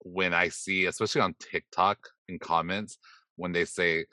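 A low-pitched man with a bright, forceful tone, chatting on a podcast. He is sassy and swears freely, and his voice sounds dry and close to the mic. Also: steady tone, normal speed, no room sound. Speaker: guest host. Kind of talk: casual podcast chat.

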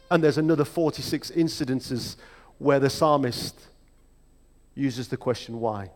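A man preaching a sermon in a reflective, measured way, with emphatic rhetorical questions. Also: mid-range voice, soft background music. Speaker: pastor. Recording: long hall reverb.

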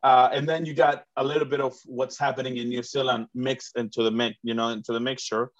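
A man from Mexico hosts a casual interview show. He talks in long, excited runs, with lots of restarts. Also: medium pitch, a little fast. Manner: rambling, many fillers and restarts, enthusiastic. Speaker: host and comedian. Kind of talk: casual chat. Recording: dull, muffled recording.

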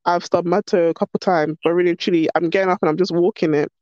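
A woman's voice: fairly low pitch, fast, no echo, highs cut off. A woman talking as a podcast guest in casual, bubbly chat that pokes fun at herself. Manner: bubbly, animated, self-mocking.

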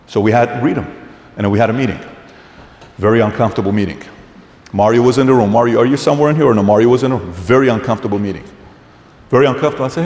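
A man giving a live motivational business talk to an audience, an animated storyteller who acts out dialogue with blunt, profane language. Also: mid-range voice, fast, pauses often. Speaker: business speaker. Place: large hall with a live audience. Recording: echoey hall, long reverb.

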